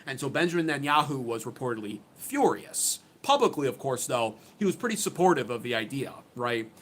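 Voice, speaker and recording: A man's voice: medium pitch, a bit bright, slight background noise. A man hosting his own channel, giving opinionated political commentary in an emphatic, sarcastic way, often restarting his sentences. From United States.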